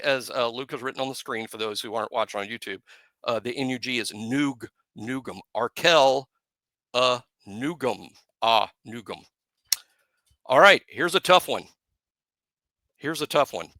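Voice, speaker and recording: A man co-hosting a casual sports podcast, playful and self-mocking, slowly spelling out names. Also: mid-range voice, sharp tone, no echo. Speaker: podcast co-host.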